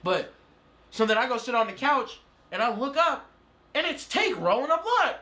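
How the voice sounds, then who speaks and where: A man in his twenties telling a story as a podcast guest, profane and animated, jumping into other people's voices. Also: moderate pace, reverberant, crowd noise. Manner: animated, profane, acts out quotes in a higher voice. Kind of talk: casual storytelling interview.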